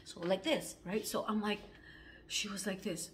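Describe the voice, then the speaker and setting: A woman's voice: mid-range voice, normal speed. A woman telling stories to the camera for an audition, acting out the quotes, with lots of fillers. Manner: animated, acts out quotes with many fillers. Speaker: actor auditioning. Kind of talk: casual storytelling to camera.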